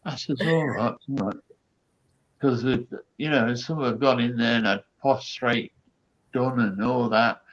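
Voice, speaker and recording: A dull, lo-fi recording carries the slow, steady, mid-range voice of an older comedian guesting on a show. He tells chatty anecdotes and acts out the people in them.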